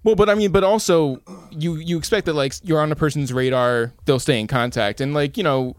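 A man co-hosting a casual chat, explaining quickly and backtracking as he goes. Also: a little high, clear, resonant tone, dry recording.

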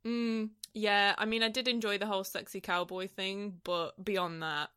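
Giggly bright-voiced woman. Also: mid-range voice, flat delivery, normal speed, clear, resonant tone. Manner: giggly, laughs often, swears casually. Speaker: podcast co-host. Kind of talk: casual chat.

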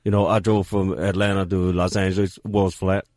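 A man putting on the voice of a deep-voiced man who insists the world is flat, speaking slowly and low. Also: no room sound, studio quality, lightly acted. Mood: insistent.

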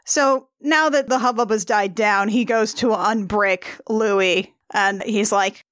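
A woman's voice: medium pitch, fairly even intonation, takes it slowly, hardly any pauses, a bit bright, no echo, clean studio sound. A woman co-hosting a podcast, recapping a movie in a wry, jokey way and acting out the characters' lines. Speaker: podcast co-host. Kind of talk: casual movie-recap chat.

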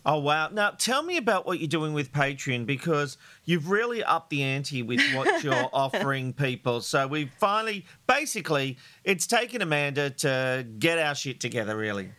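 A man co-hosting a true-crime podcast in easy, casual chat. His voice sits a little high and rings bright and forward. He jokes around, laughs easily and trips over his words as he goes. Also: sing-song, moderate pace, few pauses. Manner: jokey and laughing, with many stumbles and restarts. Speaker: podcast co-host.

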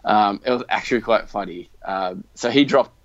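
A young man with a fairly low voice speaks at a normal speed while co-hosting a podcast, chatting casually and telling a rambling story in which he acts out the lines he quotes. The audio is dull, lo-fi, and dry.

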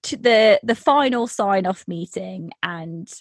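A woman's voice: medium pitch, takes it slowly, dry recording. A woman in casual chat telling a workplace story, with lots of fillers and acted-out quotes. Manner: chatty, many fillers, acts out quotes.

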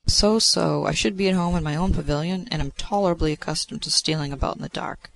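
A man reading the part of a playful, scheming young god of love, gravelly in tone. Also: on the high side, fast talker, fairly bright tone, slight background noise. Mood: sneaking. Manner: playful, conspiratorial.

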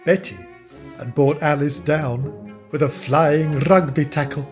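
A man reading a comic story as narrator, dry and measured. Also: on the high side, fairly even intonation, a little mellow, soft background music.

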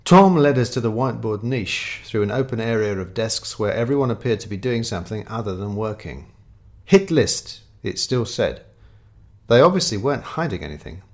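A man's voice: fairly low pitch, expressive, brisk. A man narrating a comic story in a dry, wry, understated way. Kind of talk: scripted audiobook narration.

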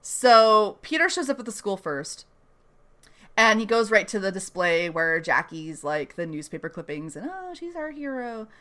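A woman's voice: fairly low pitch, moderate pace, bright, forceful tone. A young woman hosting a podcast, chatting casually and animatedly while recapping a TV episode and acting out its scenes. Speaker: podcast host.

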